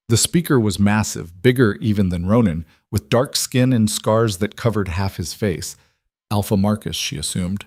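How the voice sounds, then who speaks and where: A man reading scripted audiobook narration in a measured, even storytelling manner. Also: on the low side, no room sound, clean studio sound.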